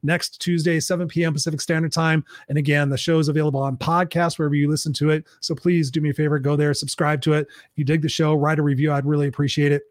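Effusive male host, slightly hoarse. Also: fairly high pitch, level tone, quick pace, hardly any pauses, no echo, clean studio sound. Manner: upbeat, effusive, reads out viewer comments. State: losing his voice. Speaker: show host and coach. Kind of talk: live-stream show wrap-up.

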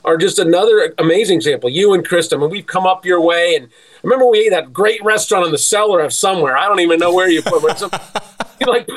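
Middle-aged man, high pitch, chatty agent who tells stories animatedly. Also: quick pace, rough recording. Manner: animated storyteller, laughs often. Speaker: sports agent. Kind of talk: casual chat.

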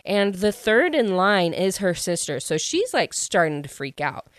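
A woman's voice: medium pitch, a little slow, no room sound. Chatty woman recapping a book, dry sound. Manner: chatty, filler-heavy, animated retelling. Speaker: book reviewer.

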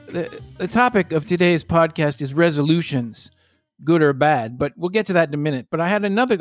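A man's voice: on the high side, dry recording, clean studio sound. A man co-hosting a podcast in casual chat, playful and wry, musing aloud about words. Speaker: podcast co-host.

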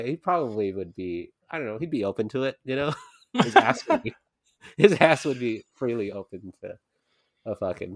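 A man's voice: medium pitch, no room sound. A young man co-hosts a casual podcast, wandering through stories with plenty of swearing and laughter. His voice sits in a middle range. The sound is dry and close. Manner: rambling, profane, laughs through anecdotes. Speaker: podcast co-host. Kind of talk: casual chat.

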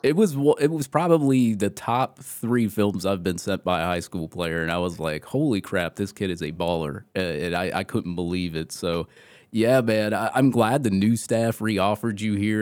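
A man hosting a podcast and interviewing a guest, talking in an excitable, energetic way and often repeating words as he starts a sentence. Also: fairly low pitch, moderate pace, no room sound. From Georgia. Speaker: podcast host.

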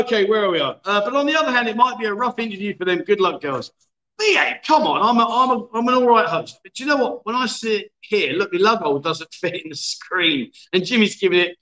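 Bantering and laughing, a livestream host in his fifties reads out viewer comments from a bar in a city. His voice sits high with a sharp tone, and the sound is reverberant.

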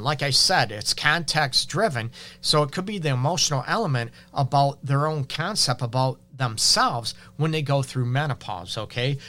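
Advice-show host, male, Detroit accent, middle pitch, frank and chatty with lots of "you know.". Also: pushed and bright. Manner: frank, conversational, many fillers. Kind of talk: casual advice talk.

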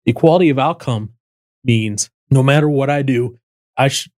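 A man's voice: mid-range voice, normal speed, darkish tone, no room sound. Guy talking politics on a podcast, earnest, dry close sound. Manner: earnest, explains step by step with restarts. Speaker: podcast host. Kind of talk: casual political discussion.

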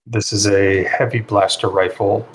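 A man narrating a tabletop role-playing game as game master, in a relaxed way with many fillers. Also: on the low side, a little slow. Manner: relaxed, filler-heavy narration with frequent ums and likes.

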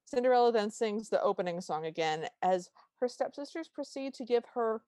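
With a fairly high pitch and moderate pace, this woman co-hosts a podcast and casually recaps an episode. She brings the quotes to life by acting them out, and the recording is dry.

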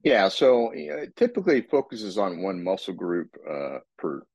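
A man co-hosting a casual podcast, explaining training in a relaxed, rambling way with many restarts. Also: deep voice, moderate pace, gravelly, husky, no echo. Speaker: co-host, fitness expert.

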